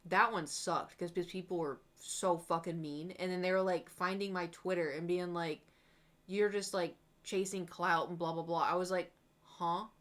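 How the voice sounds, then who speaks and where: Young woman streamer just rambling while painting, animated, keeps quoting herself. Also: on the low side, normal speed. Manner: rambling, animated storytelling, quotes herself with exclamations. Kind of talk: casual chat while painting on a live stream.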